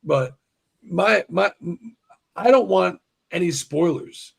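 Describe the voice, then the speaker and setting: A man hosting a casual stream talks in a rough, gravelly voice that sits a little high for a man. He gets excited easily, swears freely and trips over his own restarts. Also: takes it slowly. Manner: profane and excitable, heavy restarts. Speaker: livestream host. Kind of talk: casual chat.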